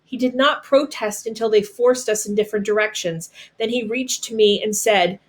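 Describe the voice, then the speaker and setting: A woman's voice: a little high, normal speed, hardly any pauses. Woman reading a storybook aloud dramatically. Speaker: storybook reader. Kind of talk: read-aloud storybook narration.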